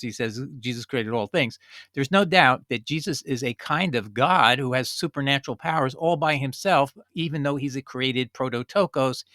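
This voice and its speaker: A man's voice: medium pitch, fairly bright tone, no room sound, clean studio sound. A man giving an informal, earnest Bible study, reading scripture aloud and explaining it in a conversational way. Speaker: Bible teacher.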